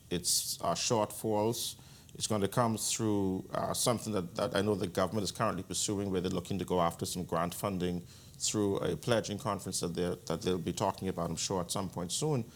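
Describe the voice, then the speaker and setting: Man, very low voice, deliberate interview guest. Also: a little hiss or hum. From Bahamas. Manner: measured, deliberate, with frequent restarts. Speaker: guest economic commentator. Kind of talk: interview answer.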